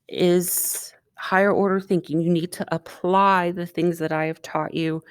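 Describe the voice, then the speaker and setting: A woman's voice: lowish voice, a little slow, few pauses, dry recording, studio quality. A woman teacher talking students through a recorded math lesson, chatting and asking them questions as she writes. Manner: chatty, asks students questions while writing.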